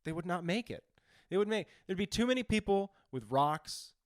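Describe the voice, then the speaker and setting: A man co-hosting a podcast, ranting in casual comic chat with heavy profanity, jumping from loud outbursts to low mutters. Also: expressive, normal speed, no room sound, clean studio sound. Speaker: podcast co-host.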